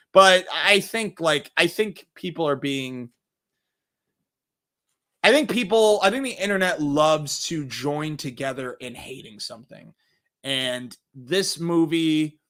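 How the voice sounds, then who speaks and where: Casual movie review guy, kinda high bright voice, bounces around a lot, swears. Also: normal speed. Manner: animated, swears freely, acts out quotes in a higher voice. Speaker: host of a movie review show.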